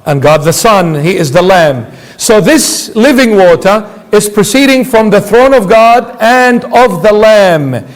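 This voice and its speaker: A man's voice: high-pitched, animated, measured pace, in a large hall. A man preaching a sermon as a bishop, emphatic, asking rhetorical questions and answering them himself.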